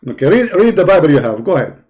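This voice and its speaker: High-voiced combative male debate host. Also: sing-song, racing, darkish tone. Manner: combative, mocking, insulting callers. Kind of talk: live call-in debate.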